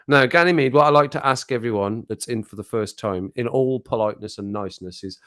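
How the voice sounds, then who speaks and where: A man with a Black Country accent chats loosely on a livestream at an ordinary middle pitch. He rambles from one thought to the next and laughs often as he greets his viewers. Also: brisk, few pauses, a bit bright. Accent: Black Country English. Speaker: livestream host. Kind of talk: casual livestream chat.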